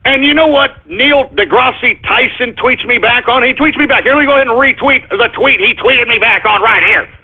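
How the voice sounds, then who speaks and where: A man's voice: very high voice, normal speed, few pauses, breathy edge. Angry sarcastic radio host guy going off on a rant, repeats himself a lot, tinny phone sound. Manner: combative, sarcastic, repetitive.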